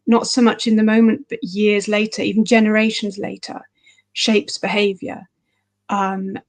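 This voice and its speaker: Flat-voiced woman author talking. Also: medium pitch. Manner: thoughtful, rambling with fillers. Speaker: author guest. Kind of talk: livestream interview.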